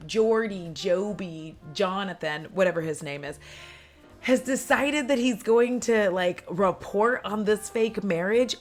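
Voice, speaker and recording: A woman recapping a film in a casual chat, animated and chatty, acting out lines and laughing as she goes. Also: medium pitch. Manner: acts out characters' lines and sound effects.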